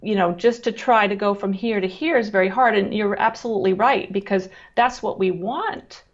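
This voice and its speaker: A woman guest speaking calmly and at a measured pace, explaining her work with children, with frequent fillers and restarts. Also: medium pitch. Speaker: guest who works with children on emotions. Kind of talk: explanatory interview talk. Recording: slightly dull lo-fi audio.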